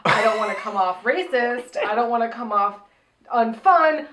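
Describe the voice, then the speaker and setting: A woman co-hosting a casual review chat, animated, acting out quotes with lots of "like". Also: a little high, normal speed, background noise. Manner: animated, acts out quotes, many "like"s. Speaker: podcast co-host. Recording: roomy echo.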